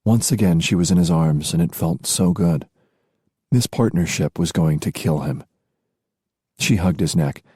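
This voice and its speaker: Deep, husky male audiobook narrator. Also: unhurried, dark tone, no echo, clean studio sound. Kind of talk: scripted narration.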